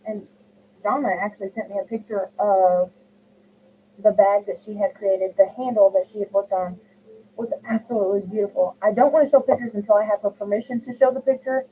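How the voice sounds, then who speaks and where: A chatty middle-aged woman crochets at home and talks to her livestream viewers, picking up their comments and answering each one by name. Her voice sits at an ordinary middle pitch and comes through a narrow, phone-like line with a faint hiss underneath. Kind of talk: casual chat while crocheting, reading live comments.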